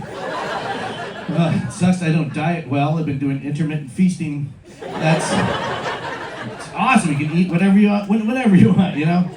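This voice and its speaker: High-voiced profane comic from Michigan. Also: male voice, distant mic. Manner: loose, profane, self-mocking. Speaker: stand-up comedian. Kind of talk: stand-up comedy set. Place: comedy club stage. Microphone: handheld stage mic. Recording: roomy club sound from afar, audience laughter.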